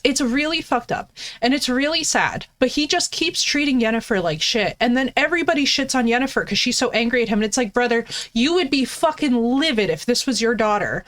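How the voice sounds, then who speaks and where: A woman's voice: fairly high pitch, fairly bright tone. A woman streaming a game, ranting casually and profanely while answering her chat. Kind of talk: casual live-stream commentary.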